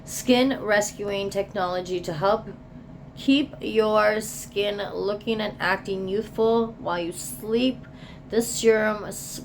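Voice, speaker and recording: A woman's voice: medium pitch, slight background noise. A woman chatting casually as she unboxes products, reading product descriptions aloud and sometimes dropping to a whisper. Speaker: beauty vlogger.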